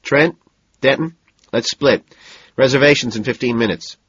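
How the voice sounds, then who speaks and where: A man's voice: medium pitch, normal speed, breathy edge, muffled recording, voice pushed up, close to an everyday voice. A man voicing a breezy, sociable young male banker in an audiobook.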